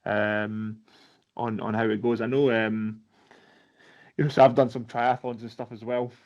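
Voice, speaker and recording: A man's voice: lowish voice, level tone, measured pace, darkish tone. A man hosting a podcast, chatting in a rambling way with casual swearing and fillers. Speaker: podcast host. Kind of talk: casual chat. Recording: slightly dull lo-fi sound.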